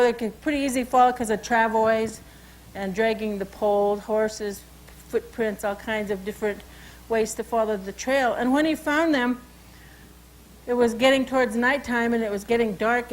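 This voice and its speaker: Woman cultural educator, high-ish voice, relaxed conversational storyteller. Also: a little hiss or hum, low-quality recording. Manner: unhurried, conversational, with frequent asides. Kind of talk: oral storytelling and language lesson.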